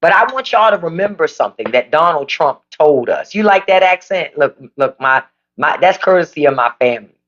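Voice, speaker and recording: An animated host on a phone livestream, talking straight to viewers with blunt, profane opinions. The pitch swings widely, and the audio sounds a bit dull and lo-fi. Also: fairly quick. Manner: animated, emphatic. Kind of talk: casual live chat reading viewer comments.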